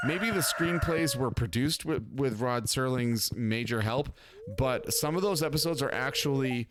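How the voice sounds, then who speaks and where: A man's voice: mid-range voice, a bit bright, clean tone. A man hosting a casual let's play, chatting in a rambling, talkative way and laughing often. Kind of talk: casual gameplay commentary.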